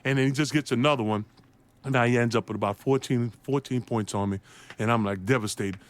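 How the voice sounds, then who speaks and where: A man's voice: mid-range voice, a little fast. Laughing man telling a wild story. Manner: laughing, acts out voices in his story. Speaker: former basketball player telling a story. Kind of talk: animated storytelling interview.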